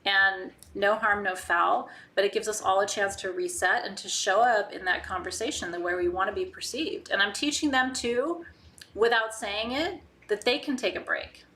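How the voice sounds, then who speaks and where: A woman's voice: mid-range voice, normal speed, pushed and bright. A woman hosting a live online spiritual session, talking casually and candidly with her viewers. She asks rhetorical questions and often adds a "right?". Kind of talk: casual live-stream teaching, reading viewer comments.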